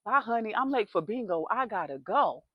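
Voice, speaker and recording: A woman voicing a nosy, gossiping older woman neighbor who calls people honey, talking in a drawn-out way. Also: mid-range voice, expressive, husky, dry recording, highs cut off. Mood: gossipy.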